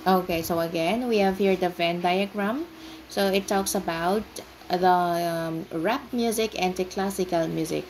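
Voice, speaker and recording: A woman ESL teacher speaks at a slow, unhurried pace with a mid-range voice. She talks patiently and sounds out words syllable by syllable for her student. A faint hum sits behind her. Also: fairly low pitch, a little mellow, low-quality recording. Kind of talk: online English lesson.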